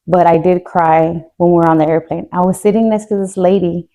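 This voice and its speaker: Woman, young adult, mellow warm voice, candid, jokes to cope, quiet tearful moments, casual podcast chat. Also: on the low side, steady tone, brisk, dull audio. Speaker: podcast co-host. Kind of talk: casual emotional storytelling.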